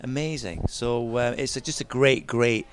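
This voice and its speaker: A man, a DJ guest, telling lively stories in a chat and mimicking other people's voices as he goes. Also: medium pitch, normal speed. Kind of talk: animated storytelling chat.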